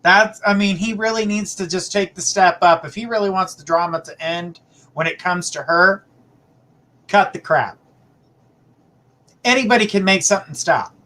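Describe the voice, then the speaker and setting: A man's voice: high voice, normal speed, long pauses, sharp tone. A man hosting a live psychic reading, giving blunt, emphatic advice with repeated phrases. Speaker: psychic reader, show host.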